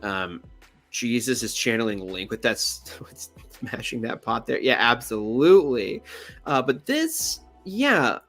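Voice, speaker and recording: Soft music plays as a young adult man hosts his channel at an unhurried pace. He rambles and cracks jokes while commenting casually on pictures, pitch swinging animatedly.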